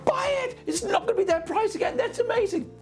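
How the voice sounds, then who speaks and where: A man voicing an eager, impulsive inner voice in a high, excited squeal. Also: quick pace, gravelly, soft background music.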